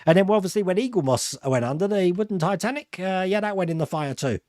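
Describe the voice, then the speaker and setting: A man's voice: sits high, lively intonation, fast talker, a little mellow, no room sound, studio quality. A middle-aged British man with a British accent, hosting a live stream and chatting casually through viewer comments, rambling and laughing at himself. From Britain. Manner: chatty and rambling, laughs often, self-mocking.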